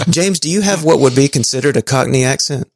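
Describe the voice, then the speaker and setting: A man's voice: medium pitch, normal speed, creaky, soft background music. A man co-hosting a podcast, reading out listener messages in a casual, stumbling way with small chuckles. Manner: stumbling, chuckling, thinking aloud. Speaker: podcast co-host.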